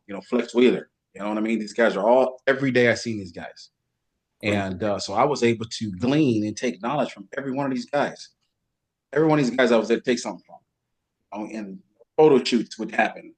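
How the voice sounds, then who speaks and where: A middle-aged man, a guest bodybuilder, telling lively backstage stories and imitating other people's voices in casual chat. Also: mid-range voice, breathy edge. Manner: animated storyteller, does voices of others. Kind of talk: casual storytelling.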